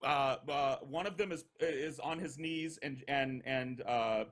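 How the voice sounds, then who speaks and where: A young man with a mid-range voice and measured pace tells rowdy stories on a podcast. He's animated and profane, casually acting out the voices of the people involved.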